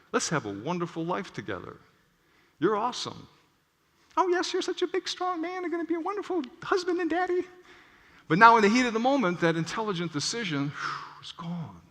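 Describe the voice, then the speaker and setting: A middle-aged male physician giving a stage talk, telling stories animatedly and checking in with the audience with "okay?". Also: fairly high pitch. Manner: animated storytelling, tags lines with "okay?". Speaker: physician speaker. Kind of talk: conference talk. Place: large auditorium stage. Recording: echoey auditorium.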